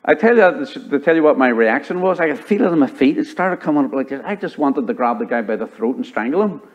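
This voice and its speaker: A pastor preaching a sermon, telling stories and acting out the dialogue in them. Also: male voice, mid-range voice, animated, fast talker, highs cut off. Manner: storytelling preacher who acts out dialogue. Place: church.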